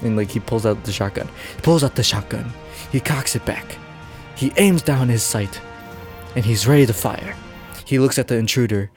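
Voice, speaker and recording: Over faint background music, a podcast host with a medium-pitched voice spins a silly made-up story at normal speed. He rambles, giggles, and keeps interrupting himself as he laughs at his own tale.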